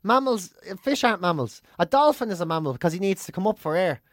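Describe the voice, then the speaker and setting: A podcaster, cursing casually and telling lively stories. The voice sits in a middling range. It is recorded close and dry. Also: mid-range voice, fast, no echo. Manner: swears freely, tells animated stories. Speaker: podcast co-host. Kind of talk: casual chat and anecdote.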